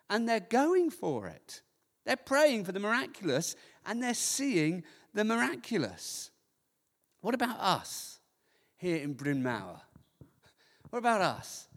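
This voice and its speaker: A man preaching a sermon as pastor, lively, now and then acting out voices of people in the story. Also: sits high, in a large hall.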